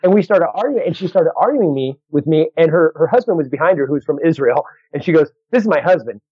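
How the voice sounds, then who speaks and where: A man working as a stand-up comedian, telling a story in a casual, animated way, restarting phrases and acting out the people in it. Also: fairly high pitch, slightly rough. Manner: animated, quick restarts, acts out other voices. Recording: dull lo-fi dry recording.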